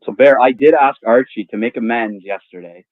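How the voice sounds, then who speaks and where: Quick, teasing male guest, lowish voice, tinny phone-like line. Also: no echo. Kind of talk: casual livestream chat. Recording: tinny phone-like call audio.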